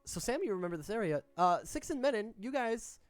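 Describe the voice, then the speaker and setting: A man's voice: high voice, animated, a little fast, clear, resonant tone, dry recording. A man narrating as game master in a tabletop game, rambling with many restarts. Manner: rambling, frequent restarts and fillers.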